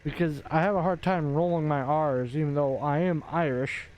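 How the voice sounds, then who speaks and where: A man's voice: a little high, steady tone, normal speed, a little mellow. A man chatting casually while he plays a game, rambling with many fillers and restarts, into a desk microphone. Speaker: gaming video creator.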